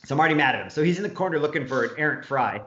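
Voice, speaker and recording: A man's voice: fairly high pitch, racing. Profane rambling man telling stories. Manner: profane, rambling, animated storyteller. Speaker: podcast co-host. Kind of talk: casual storytelling chat. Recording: roomy, dull lo-fi sound.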